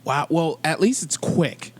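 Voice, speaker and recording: A man's voice: a little high, animated, unhurried. A man co-hosting a podcast in casual chat, reacting with short interjections and questions. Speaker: podcast co-host.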